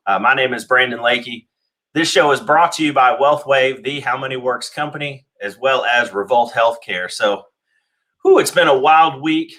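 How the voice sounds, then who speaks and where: Slightly winded, a local radio talk show host rambles through his segment, full of fillers and false starts. His male voice sits at medium pitch and sounds pushed and bright.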